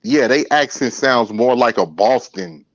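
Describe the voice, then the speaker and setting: A man with a Chicago accent, telling stories in a lively, animated way on a podcast. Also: medium pitch, no echo, lo-fi sound. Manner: animated storyteller, quick to laugh. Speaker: podcast co-host. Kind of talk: casual chat.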